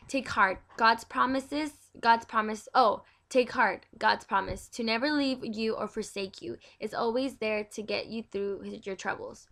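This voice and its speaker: A woman's voice: on the high side, moderate pace, gravelly, few pauses, noisy background. A young woman in a casual devotional reading, chatty and stumbling over words as she reads aloud. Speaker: devotional video host.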